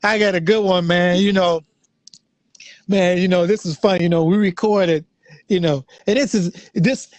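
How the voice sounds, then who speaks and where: A man guest telling a story in a lively, slangy, laughing way. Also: sits high, normal speed, no room sound. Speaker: guest musician. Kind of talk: casual storytelling.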